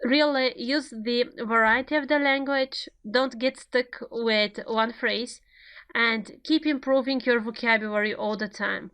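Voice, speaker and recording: Slow, measured woman teaching grammar. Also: a little high, steady tone, fairly bright tone, smooth. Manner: slow, deliberate, spelling out each example. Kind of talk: recorded online grammar lecture.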